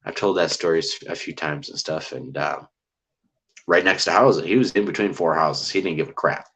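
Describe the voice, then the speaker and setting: A man telling a cryptid encounter story in casual, rambling chat, getting excited and restarting his sentences. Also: low-pitched, moderate pace, slightly rough. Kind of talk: casual storytelling on a live call-in show.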